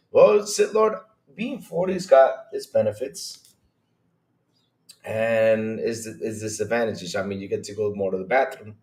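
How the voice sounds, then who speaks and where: Teasing man hosting a roomy livestream. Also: mid-range voice. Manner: lively, teasing, greets viewers by name. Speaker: gaming podcast host. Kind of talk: casual livestream chat reading viewer comments. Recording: roomy echo.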